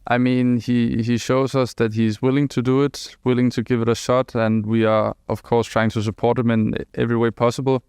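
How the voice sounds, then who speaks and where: Brief: measured deadpan male guest, flat and clear. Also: medium pitch, no echo, studio quality. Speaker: esports player guest.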